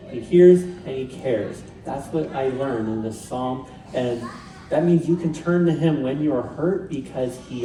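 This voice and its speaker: A man's voice: mid-range voice, warm tone. A male pastor preaching a sermon in a conversational way with light humor. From Pacific Northwest, USA. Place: church sanctuary. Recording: roomy church sound from a distant mic.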